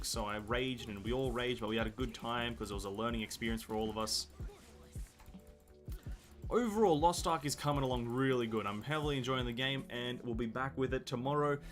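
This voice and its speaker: A man's voice: medium pitch, fairly quick, soft background music. A man chatting casually on a game live stream, rambling, correcting himself and reading chat aloud. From Australia. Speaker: gaming streamer.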